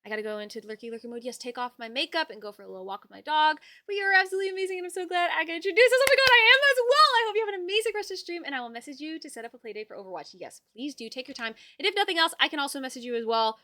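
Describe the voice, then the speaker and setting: A young woman hosting a livestream, bubbly and hyped as she greets viewers and reads out their messages. Her voice sits a little high and sounds bright and forceful. The recording is close and dry, with no room around her. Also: lively intonation, very fast, hardly any pauses, no room sound. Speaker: livestream host. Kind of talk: casual livestream chat.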